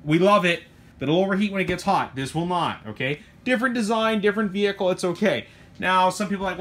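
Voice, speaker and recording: This clip features a middle-aged hobby shop owner rambling animatedly about a truck he sells, his voice high and fast. It's casual product talk, peppered with asides and mild cursing.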